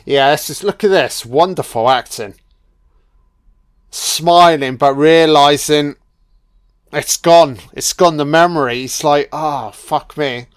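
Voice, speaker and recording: Man with a smooth, dry voice. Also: a little high, slow pace, long pauses, no echo. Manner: laid-back and profane, full of "you know". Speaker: film commentator. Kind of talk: casual film commentary.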